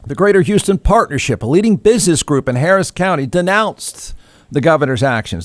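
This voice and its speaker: A middle-aged man hosting a talk show, ranting sarcastically and mockingly, with sudden jumps in pitch. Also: animated, a little fast, no echo, studio quality. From Texas. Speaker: radio talk show host. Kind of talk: snarky political commentary monologue.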